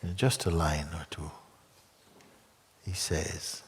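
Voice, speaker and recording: A man with a Jamaican accent, a spiritual teacher talking gently in a retreat gathering, soft-spoken and unhurried, often repeating himself. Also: low voice, fairly even intonation, slight background noise. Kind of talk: gentle satsang conversation. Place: large retreat hall with audience.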